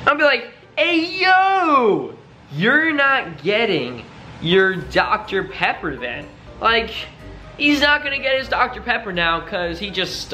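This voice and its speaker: A man's voice: very high-pitched, pushed and bright. A young man vlogging in a dramatic, exclaiming way, full of slang. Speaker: YouTube creator. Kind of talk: excitable reaction vlog.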